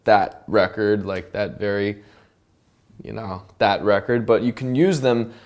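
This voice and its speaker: A man explaining how he built a song in casual studio talk, animated and humming parts out loud to show them. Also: on the low side, measured pace. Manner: animated, hums and vocalizes parts to demonstrate. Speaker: songwriter and producer. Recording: loud music playing under the voice.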